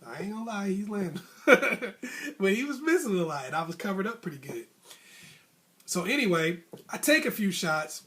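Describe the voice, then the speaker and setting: A man hosting an advice channel, casually telling a story to camera and acting out the other people's voices. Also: high voice. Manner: animated, acts out voices of coach and referee; casual, colloquial speech.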